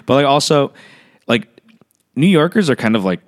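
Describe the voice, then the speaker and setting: A man co-hosting a casual chat, talking fast with lots of fillers, swearing, joking and acting out quotes. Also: mid-range voice. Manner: animated, filler-heavy, swears and jokes, acts out quotes. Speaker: podcast co-host.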